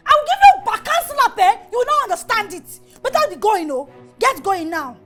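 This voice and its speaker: A woman's voice: sing-song, normal speed, fairly bright tone, soft background music, heavily acted. A woman with a Nigerian accent playing a spiteful young woman who mocks and threatens her stepsister. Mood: taunting. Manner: mocking, shrill insults and threats. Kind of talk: Nollywood film acting.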